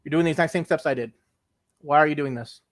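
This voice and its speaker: A man's voice: a little high, fast. A young man co-hosting a podcast, ranting with exasperation and swearing, acting out his calls to tech support. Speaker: podcast co-host. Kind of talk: casual chat.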